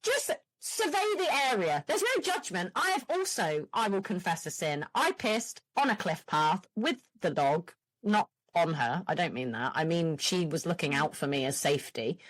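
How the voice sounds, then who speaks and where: A woman's voice: deep voice, moderate pace, dry recording. Woman telling a story. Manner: animated storyteller, frequent laughs, swearing. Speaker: podcast host. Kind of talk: casual chat.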